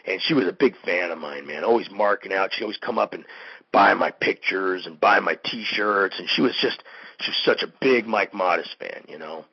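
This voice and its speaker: A man hosting a show, a pro wrestler ranting in a heated, animated monologue full of "you know" and "man.". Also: deep voice, moderate pace, vocal fry, breathy edge, no echo, lo-fi sound. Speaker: podcast host, pro wrestler.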